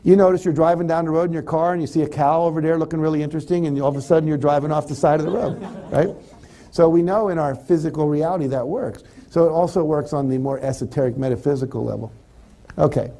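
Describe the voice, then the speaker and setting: Man, motivational speaker, warm mellow tone, fairly high voice, playfully acts out quoted thoughts, live seminar feel. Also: fairly even intonation, fast talker.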